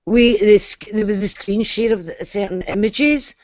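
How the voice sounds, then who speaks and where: A woman's voice: mid-range voice, moderate pace, darkish tone, no echo. A woman in a casual online group chat, speaking firmly and indignantly. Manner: indignant, firm. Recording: dry, dull lo-fi web call audio.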